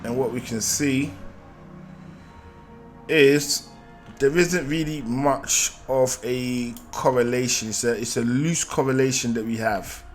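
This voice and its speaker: A man giving a live market analysis, thinking aloud and repeating phrases, often checking in with "right?". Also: mid-range voice. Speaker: trading analyst.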